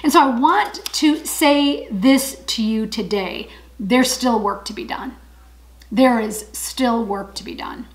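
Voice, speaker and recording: A woman's voice: fairly high pitch, slow, rough recording. A woman giving an encouraging Bible study talk, earnest and emphatic, repeating her key phrases.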